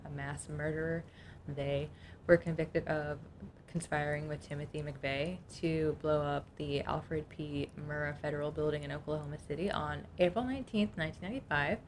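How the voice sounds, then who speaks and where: A woman's voice: low-pitched, steady tone, normal speed, a little hiss or hum. A woman co-hosting a casual podcast, reading from her notes and chatting between them. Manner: reads notes aloud, chatty, laughs easily. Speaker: podcast co-host.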